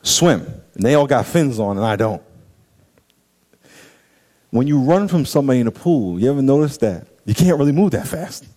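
A man preaching a sermon, animated and acting out scenes and quoted voices for the congregation. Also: mid-range voice, moderate pace, long pauses. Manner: animated, acts out stories and quotes. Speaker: pastor.

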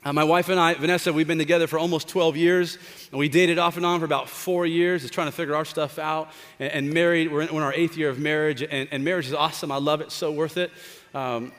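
Man, 30s, pastor, sermon, high voice, animated and joking, long hall reverb. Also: quick pace. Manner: animated and conversational, joking with the congregation.

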